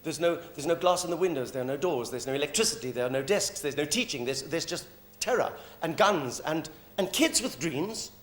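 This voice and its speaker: A middle-aged man from South Africa works a live theatre stage with a provocative, mocking comedy routine. He talks fairly quickly and animatedly in a higher, fairly bright voice, and the roomy recording carries a faint hum.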